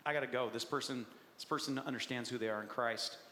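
A man's voice: medium pitch, fast, sharp tone, a little hiss or hum, voice pushed down, lightly acted. A man voicing a sulky male devil who mutters in defeat. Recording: echoey hall with long reverb.

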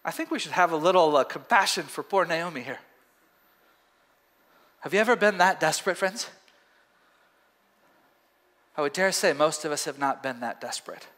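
A man teaching a Bible passage in an animated, conversational, emphatic sermon. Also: on the high side, normal speed, long pauses. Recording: echoey hall.

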